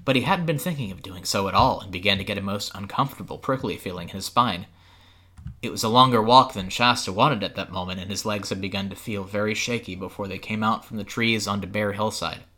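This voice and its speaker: A man reading a storybook aloud with steady, expressive narration on a podcast. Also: lowish voice, a little fast. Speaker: podcast host, reader.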